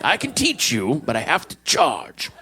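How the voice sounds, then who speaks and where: A man doing an impression of an intense, menacing old-time oilman, making slow, theatrical pronouncements. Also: on the high side, wildly swooping pitch, sharp tone, breathy edge, a faint crowd, full character voice. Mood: grandiose.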